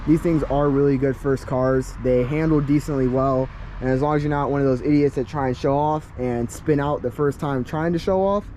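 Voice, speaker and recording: Casual halting man with a mellow voice. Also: medium pitch, fairly even intonation, a little hiss or hum. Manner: halting, with many ums and restarts. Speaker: car vlogger. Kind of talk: casual walkaround talk.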